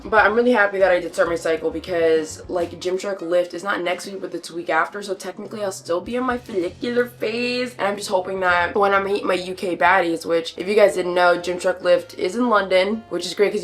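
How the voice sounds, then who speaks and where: A young woman talks to the camera in a relaxed, joking vlog style, sounding a little tired. Her voice sits on the low side for a woman. Soft music plays faintly in the background. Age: 20s. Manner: chatty, playful, self-deprecating. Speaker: lifestyle vlogger. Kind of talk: casual vlog chat.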